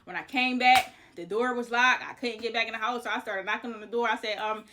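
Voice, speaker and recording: A woman vlogger casually telling a personal story, animated and chatty, with frequent fillers and swearing. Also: a little high, quick pace, noisy background. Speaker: vlogger, house painter.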